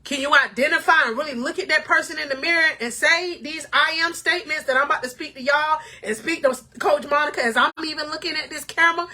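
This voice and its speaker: Woman, high voice, bright, spiritual life coach, motivational talk to camera, emotional and preachy. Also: quick pace, few pauses. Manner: emotional, preachy, addresses viewers as king or queen.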